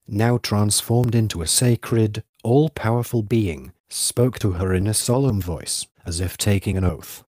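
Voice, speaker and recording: Deep-voiced male audiobook narrator. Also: a little mellow, dry recording, clean studio sound. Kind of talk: scripted literary narration.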